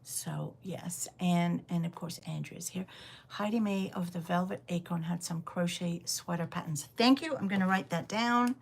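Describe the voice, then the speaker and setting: A woman with a low, gravelly voice hosts a relaxed livestream from her home. She chats on in a loose, rambling way, full of ums, as she shows off her knitting. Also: normal speed. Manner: rambling and chatty, with many ums. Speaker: livestream host. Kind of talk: casual livestream chat while showing knitting. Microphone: phone.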